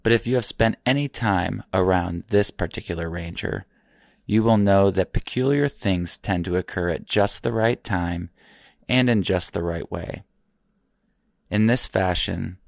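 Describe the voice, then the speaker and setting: A man giving measured, dramatic scripted narration for a documentary. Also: low-pitched, gravelly, no echo, studio quality.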